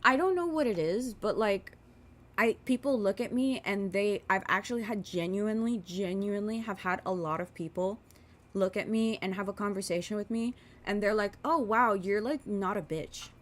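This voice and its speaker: A woman's voice: mid-range voice, normal speed. A woman in her twenties ranting casually as she does her makeup, rambling and swearing, with lots of filler words. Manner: rambling and profane, with many fillers. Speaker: vlogger.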